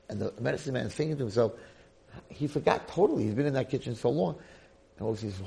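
Gravelly, animated male storyteller. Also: fairly low pitch, quick pace. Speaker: Torah lecturer. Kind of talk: storytelling lecture.

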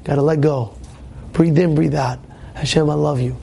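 A man, a rabbi, tells stories in a spirited Torah class, repeating phrases and bursting into shouts for emphasis. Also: fairly high pitch, fairly even intonation, moderate pace, creaky, slight background noise. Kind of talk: spirited storytelling sermon. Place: classroom with students.

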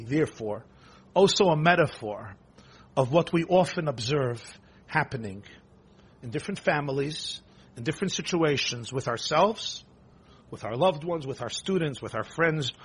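A rabbi delivering a sermon, telling a story in animated storytelling style with rapid bursts of emphasis. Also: male voice, fairly high pitch, husky.

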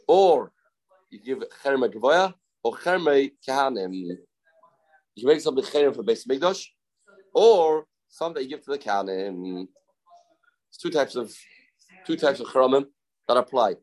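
A man's voice: medium pitch, rough recording. Man teaching an informal Talmud class. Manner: explains step by step, repeats key phrases, asks rhetorical questions.

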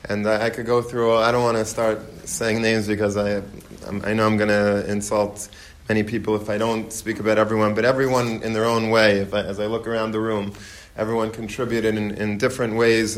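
A man addressing a gathering of guests, pausing often with fillers, then teaching from religious texts. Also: fairly low pitch. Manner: halting, many fillers. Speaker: speaker at a community gathering.

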